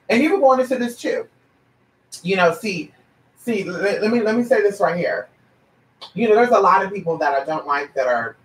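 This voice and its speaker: A trans woman who gives paid readings, talking straight to her viewers in a blunt, sassy rant full of swearing, switching into mimicry of other people as she tells her stories. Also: lowish voice. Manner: animated, mimics other people mid-story. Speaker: paid psychic reader. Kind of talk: casual vlog rant to viewers. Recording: roomy echo, distant from mic.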